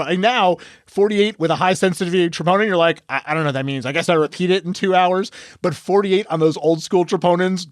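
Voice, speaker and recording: ER doc, male, high voice, dry close mic, lively storyteller. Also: no room sound. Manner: storytelling, acts out dialogue. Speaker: emergency physician. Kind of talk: case discussion podcast.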